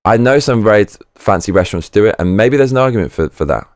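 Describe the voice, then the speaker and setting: A man's voice: fairly low pitch, animated, fast talker, dry recording, studio quality. A man hosting a live chat stream, rambling and swearing freely with lots of restarts. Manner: rambling and profane, with many restarts. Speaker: livestream host.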